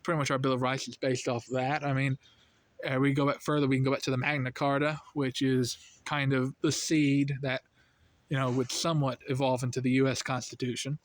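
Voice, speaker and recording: A man speaks in an earnest, worried tone at a middling pitch, thinking aloud as he goes. He is delivering an unscripted monologue as the host of his own video. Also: little pitch movement, fairly quick, no room sound. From United States.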